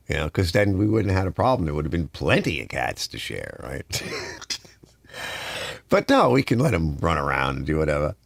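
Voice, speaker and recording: An older man hosting a live stream from his garage, chatting casually and telling rambling, animated stories. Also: low voice, a little fast, creaky, no echo. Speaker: livestream host. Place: home garage.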